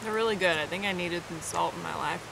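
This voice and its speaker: A woman's voice: lowish voice, fast talker, vocal fry. A young woman from Missouri narrating a casual hiking vlog, chatty and giggly with casual swearing, hiccupping as she talks. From Missouri, USA. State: has the hiccups. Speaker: vlogger. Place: outdoors on a creek trail in the woods. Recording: outdoor camera audio with stream noise. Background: flowing creek water.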